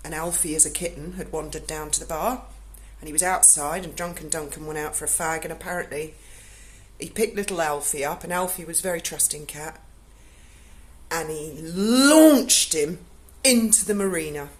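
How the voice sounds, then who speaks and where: A woman's voice: low voice, steady tone, fairly quick. A woman, telling a personal story in casual speech, emotional and blunt and swearing freely.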